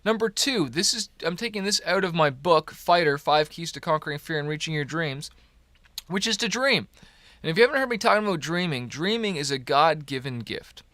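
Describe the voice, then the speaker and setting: A man in his thirties from Canada, tired in the early morning, hosts a casual motivational podcast, rambling, upbeat, and encouraging with many fillers. He speaks briskly and expressively in a slightly high, bright, forceful voice with no room sound.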